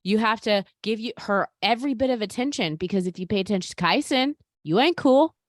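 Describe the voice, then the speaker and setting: A woman hosting a podcast in casual chat, animated and talking straight to her listeners. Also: medium pitch, fairly quick, dry recording, clean studio sound. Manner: animated, talks to listeners as "you guys". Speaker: podcast host.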